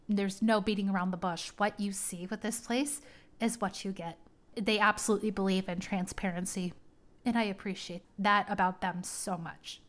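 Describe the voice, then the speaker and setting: Woman host, casual rambling chat, heartfelt and talkative, mid-pitched. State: tearing up. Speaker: podcast host. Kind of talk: casual personal talk.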